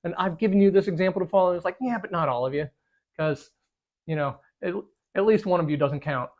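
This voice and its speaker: A co-host of a casual group Bible study talks animatedly at a quick pace in a medium-pitched voice, acting out quotes and filling speech with "like." The lo-fi recording sounds slightly dull.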